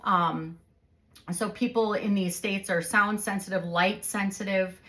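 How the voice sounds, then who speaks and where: A woman's voice: mid-range voice, fairly even intonation, measured pace, bright, forceful tone. A woman in her forties hosting a conversation with her husband, explaining things casually with vivid everyday examples. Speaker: host interviewing her husband.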